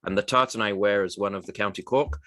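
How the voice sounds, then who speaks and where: A man as a radio interview guest, telling his career story in a halting, reflective way with frequent restarts. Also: fairly low pitch, bright, forceful tone, no echo. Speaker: guest, recruitment firm co-founder.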